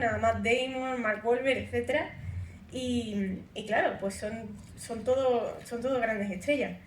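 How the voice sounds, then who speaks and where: A woman working as an interpreter at a festival Q&A, relaying stories in the first person and correcting herself as she goes. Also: a little high. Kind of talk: consecutive interpreting at a Q&A. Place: festival event hall. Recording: echoey room, distant mic, faint noise.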